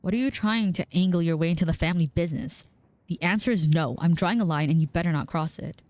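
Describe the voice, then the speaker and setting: A woman's voice: lowish voice, quick pace, darkish tone, lightly acted. A woman reading the lines of a curt, dismissive young woman cousin from a story game, clipped and skeptical. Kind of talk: reading game dialogue aloud.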